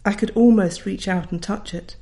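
A woman's voice: medium pitch, fairly even intonation, normal speed, dark tone. A middle-aged woman, a writer reading her own memoir aloud in a wry, reflective way. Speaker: author.

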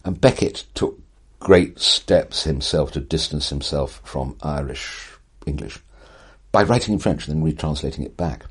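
An older man appearing as an interview guest, his voice exceptionally deep and husky. He tells stories in an animated, conversational way, using eloquent, wry, theatrical sentences full of vivid phrasing. His delivery is a little slow and leans on rhythm and emphasis.

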